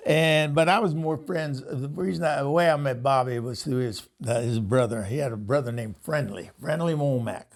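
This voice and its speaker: In a storytelling monologue, the older male host wanders from tale to tale, frequently laughing and performing quoted voices. His voice is gravelly and medium-pitched, moving at a normal speed with few pauses.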